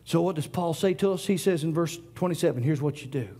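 Preacher man, dark husky voice. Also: fairly high pitch, quick pace. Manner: preaching, shifts from loud declarations to hushed whispers. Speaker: pastor. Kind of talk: sermon.

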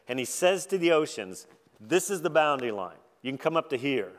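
A man's voice: mid-range voice, normal speed. Conversational male preacher in echoing hall. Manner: conversational, self-deprecating, animated when quoting scripture. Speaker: guest preacher. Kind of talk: sermon. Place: large church hall.

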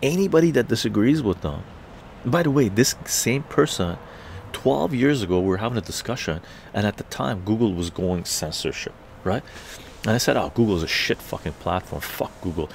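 A man's voice: fairly low pitch, expressive, normal speed, gravelly, slight background noise. A man telling a story in a heated, profane live-stream rant. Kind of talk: ranting live-stream monologue.

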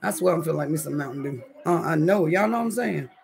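A woman's voice: deep voice, expressive, quick pace, creaky, darkish tone. A woman hosting a casual livestream from her home kitchen, chatting in slang with her viewers and reading the chat, her throat scratchy. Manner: chatty, slangy, keeps addressing viewers as y'all.

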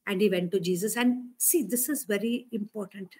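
A woman's voice: mid-range voice, moderate pace, breathy edge. Woman preacher, chatty sermon, keeps asking the crowd stuff, medium voice. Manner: conversational, animated, asks listeners questions.

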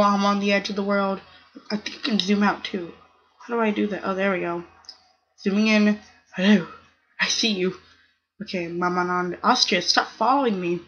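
On her gaming channel, a young woman gives casual gameplay commentary in a medium-pitched, fairly bright voice, though the recording sounds muffled. She's chatty, addresses the game's other players, and scolds them by squealing "no" again and again.

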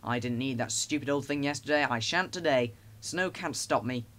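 A man's voice: medium pitch, moderate pace, fairly bright tone, lightly acted. A cheeky little tank engine with a boastful streak, as a man puts him on, puffing out his words and repeating them in sing-song chants. The voice sits in an ordinary middle range. It is told like a storybook. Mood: cocky.

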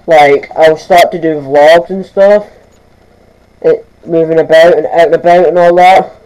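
A man's voice: fairly high pitch, steady tone, unhurried, a little mellow, clean tone, low-quality recording. A teenage boy vlogging casually to camera, stammering and restarting his sentences as he talks through plans. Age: teens. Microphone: camera mic.

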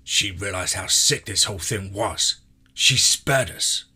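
An earnest, frightened younger brother in a horror story, as a man voices him. His voice is low but bright and pleading, with faint music playing behind him. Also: measured pace, slightly rough, full character voice.

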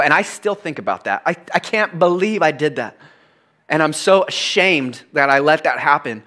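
Bright-voiced man preaching a sermon. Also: fairly high pitch. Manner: storytelling, shifts from animated to hushed and confessional. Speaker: pastor.

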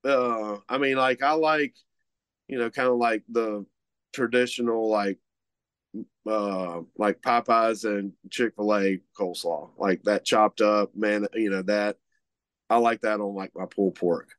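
A man's voice: lowish voice, steady tone, measured pace, a bit bright, smooth, dry recording. A man from Mississippi, chatting casually on a podcast in an easygoing, rambling way full of fillers. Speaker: guest co-host, butcher shop representative.

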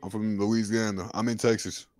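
A man's voice: fairly low pitch, little pitch movement, normal speed, a little mellow, dry recording, clean studio sound. A man from New York chatting loosely on a video call, slangy and joking. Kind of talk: casual video chat.

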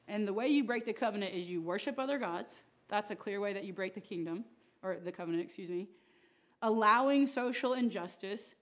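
A woman leading a casual church Bible class, chatty and playful, acting out quick voices with laughs. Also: medium pitch. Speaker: Bible study teacher.

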